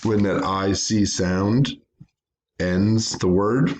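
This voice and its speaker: A man's voice: fairly low pitch, drawn-out words, darkish tone. A man teaching a recorded phonics lesson to children, patiently sounding out words syllable by syllable.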